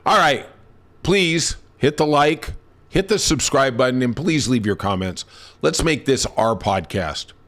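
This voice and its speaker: Sarcastic, animated man hosting a podcast. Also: medium pitch, unhurried. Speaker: podcast host. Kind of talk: casual political commentary.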